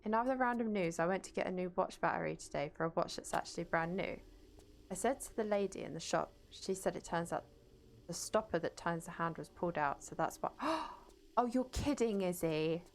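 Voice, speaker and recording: A woman's voice: on the low side, animated, a little fast, a little hiss or hum. Chatty woman streamer reading chat. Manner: chatty, greets viewers and reads chat aloud. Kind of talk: casual live-stream chat while gaming. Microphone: desk mic, no webcam.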